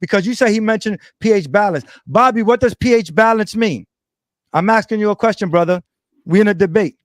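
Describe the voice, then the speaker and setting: A brisk, high-pitched man from Brooklyn, New York, argues as a guest in an online debate, combative, confrontational, and repetitive. The recording has no echo.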